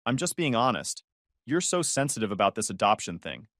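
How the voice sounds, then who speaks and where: A man's voice: fairly low pitch, sing-song, brisk, a bit bright, no room sound, clean studio sound. A man reading a cold, condescending mother. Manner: dismissive, falsely reasonable.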